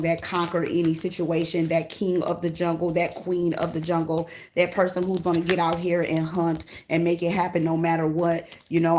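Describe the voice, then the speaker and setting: A woman's voice: low voice, darkish tone, slight background noise. Blunt, profane woman tarot reader. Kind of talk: casual spiritual reading monologue.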